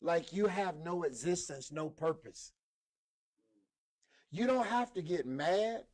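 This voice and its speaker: A man with a notably high voice preaches a sermon. He hammers points with repetition and pulls call-and-response answers from his listeners. The sound comes through a modest microphone. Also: expressive, takes it slowly, darkish tone. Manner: emphatic, repeats key lines, call-and-response with listeners. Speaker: preacher and lead instructor.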